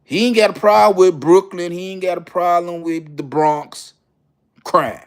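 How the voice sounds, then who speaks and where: A middle-aged Memphis man with a Southern Memphis accent rants as a commentator in casual, profane slang. His voice is high-pitched and clean, his pace unhurried, and his manner animated, packed with slang and cursing.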